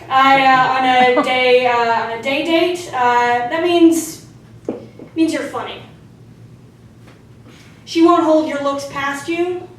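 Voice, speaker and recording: A young woman performing a stand-up set on a theatre stage, deadpan with crude punchlines, audience laughter behind her. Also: high-pitched, slow pace, pauses often. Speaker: stand-up comedian. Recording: roomy hall from far off.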